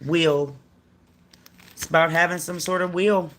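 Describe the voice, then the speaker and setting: A middle-aged woman with a fairly low, steady voice reads tarot cards casually on a livestream, speaking a little slowly. Her talk to viewers rambles and is slangy and chatty.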